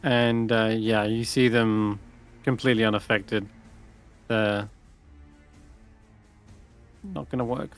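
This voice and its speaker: A man acting as game master, narrating a live tabletop game and thinking aloud with pauses as he runs the combat. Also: lowish voice, steady tone, soft background music.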